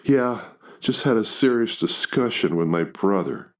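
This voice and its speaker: A man's voice: fairly low pitch, lively intonation, unhurried. A man reading a storybook, voicing a young man who is charming but can sneer and tease. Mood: teasing. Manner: teasing, sneering at times. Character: young man, charming yet sharp-tongued.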